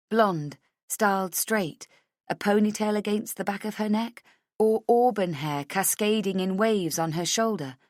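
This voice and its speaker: A woman reading a first-person thriller audiobook in a measured, tense way, close to the mic. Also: fairly low pitch, dry recording. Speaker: audiobook narrator.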